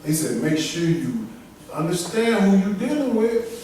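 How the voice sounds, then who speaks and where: A man preaches with emphatic force, urging a reader on between passages. His higher voice rings through a very reverberant room. The mic sits some way off, with faint room ambience behind him. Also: big pitch swings, unhurried, a little mellow, recorded from a distance, slight background noise. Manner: emphatic, preaching in dialect with call-and-response to a reader. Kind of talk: sermon.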